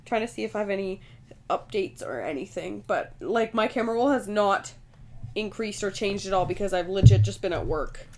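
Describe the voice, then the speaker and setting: A young woman co-hosting a casual podcast, playful and quick to laugh and chime in. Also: medium pitch, darkish tone. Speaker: podcast co-host. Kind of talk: casual chat.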